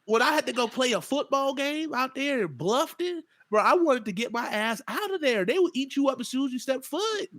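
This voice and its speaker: Animated young man with a high, lively voice. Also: fairly quick, few pauses. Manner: animated, laughing, slangy storyteller. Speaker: podcast co-host. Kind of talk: casual chat.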